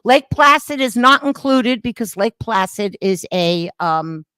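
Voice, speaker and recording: A woman in her seventies from New York State, co-hosting a talk show and chatting in an animated way that takes the floor. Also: fairly high pitch, unhurried, clear, resonant tone, dry recording, clean studio sound. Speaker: co-host. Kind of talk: casual chat.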